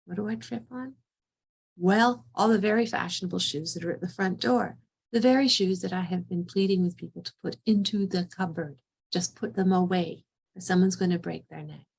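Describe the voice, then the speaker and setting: A woman's voice: lowish voice, moderate pace, gravelly, darkish tone, slightly rough. A middle-aged woman psychotherapist leading a training session, telling a vivid first-person scenario.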